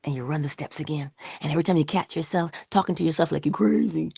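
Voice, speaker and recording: Woman, livestream host, low-pitched, husky, playful whispery asides. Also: fast, hardly any pauses, dry recording, clean studio sound. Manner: playful, drifts between whispery asides and animated quoted voices. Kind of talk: casual motivational livestream talk.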